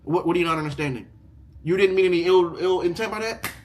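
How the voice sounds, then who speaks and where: A young man hosting a casual reaction video who reads online stories aloud and then rants about them. He repeats himself and swears freely, swinging from loud outbursts to low mutters. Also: quick pace.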